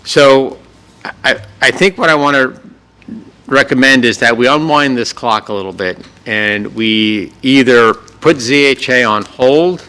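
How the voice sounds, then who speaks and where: A man presenting an update at a city workshop meeting, losing his voice, measured and explanatory. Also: medium pitch, pushed and bright, clean tone, poor audio. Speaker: city manager. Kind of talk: public meeting report.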